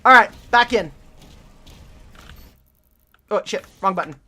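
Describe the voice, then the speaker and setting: A woman streamer giving live gameplay commentary, excitable, yelling and cursing at enemies and cheering her wins. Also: mid-range voice, takes it slowly, a little hiss or hum.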